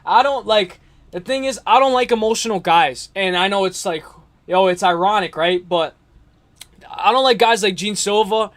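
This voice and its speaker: A man's voice: sits high, moderate pace, a bit bright. A man hosting a casual fight-talk livestream, rambling and slangy, repeating himself and talking straight to his viewers. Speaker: MMA livestream host.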